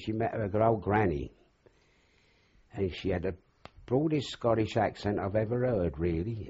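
Husky older man rambling through old yarns. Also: fairly low pitch, darkish tone. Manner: rambling anecdotal storyteller, acts out dialogue. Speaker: interviewee. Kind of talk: oral history reminiscence. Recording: dull lo-fi recording.

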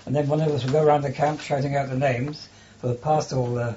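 Older male interviewee, mellow voice, hesitant delivery, dull lo-fi tape. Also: medium pitch, steady tone, a little hiss or hum. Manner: halting, hesitant with many restarts and fillers. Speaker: interviewee, former prisoner of war. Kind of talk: oral history interview.

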